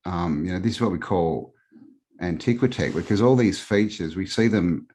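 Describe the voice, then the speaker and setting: A man's voice: low voice, normal speed, a little mellow. A man with an Australian accent, a guest on a live stream, talking in a rambling, casual way with many fillers.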